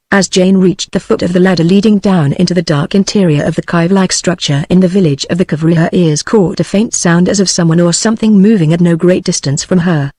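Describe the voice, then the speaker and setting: British TTS woman narrator, dry close sound, steady synthetic delivery. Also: fairly low pitch, no echo. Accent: British English. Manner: even synthetic reading. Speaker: audiobook narrator. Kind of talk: scripted narration.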